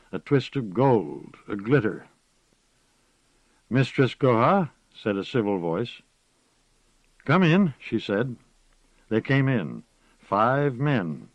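Man, audiobook narrator, low voice, measured, close dry mic. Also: dry recording. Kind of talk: scripted narration. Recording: slightly muffled recording.

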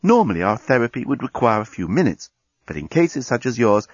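A man's voice: mid-range voice, very animated, fairly quick, breathy edge, no echo. A man voicing a reassuring machine in a beauty device, speaking in a formal, soothing service tone, on a dull lo-fi recording.

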